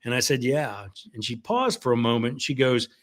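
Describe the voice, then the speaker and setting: A man's voice: medium pitch, big pitch swings, quick pace, fairly bright tone. A man, a guest author, chatting casually with many fillers and then reading aloud from his novel. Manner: rambling, frequent "like that" and fillers.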